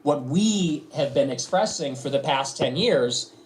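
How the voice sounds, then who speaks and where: A man's voice: a little high, animated, measured pace, slightly rough. Man explaining earnestly in an interview. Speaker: political commentator. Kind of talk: interview answer.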